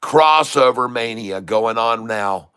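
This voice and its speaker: Guy hyping up a stock chart live, bright forceful voice, folksy and worked up. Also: medium pitch, slow pace, clear, resonant tone. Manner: excitable, hyped, folksy slang. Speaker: day-trading streamer.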